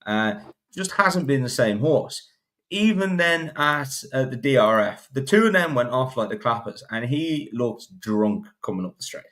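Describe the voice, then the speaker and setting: A man's voice: medium pitch, animated, moderate pace, a bit bright. A man giving blunt, opinionated horse racing takes on a casual podcast, often restarting sentences. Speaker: podcast panelist.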